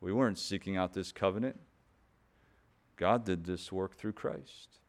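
A man's voice: sits low, unhurried. A man preaching a sermon in an earnest, emphatic way, pressing key points harder and often repeating words as he builds them.

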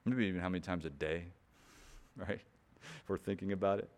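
A man's voice: low voice, normal speed, darkish tone. A man preaching a sermon in an earnest, emphatic way, pressing key points harder and often repeating words as he builds them.

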